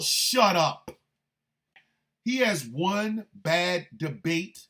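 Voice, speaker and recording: Expressive and slow, this veteran radio host's heated monologue is profane and combative. He moves from low, threatening tones to sudden shouted outbursts.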